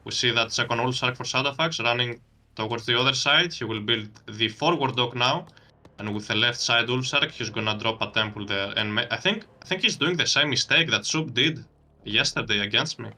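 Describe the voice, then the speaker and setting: Bright-voiced male esports caster. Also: mid-range voice, fairly quick. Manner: analytical, laughs easily. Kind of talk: game commentary.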